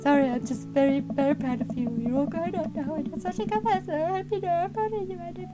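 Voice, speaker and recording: A woman's voice: very high voice, fast, music in the background, voice pushed up. A woman reading the lines of a sentimental, doting father in a video game, earnest and fatherly. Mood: tearful. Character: doting sentimental single dad, middle-aged man.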